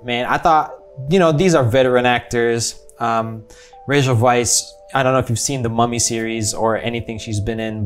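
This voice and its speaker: A man with an American accent giving a casual, rambling movie review, chatty and often correcting himself mid-sentence. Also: medium pitch. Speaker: film reviewer.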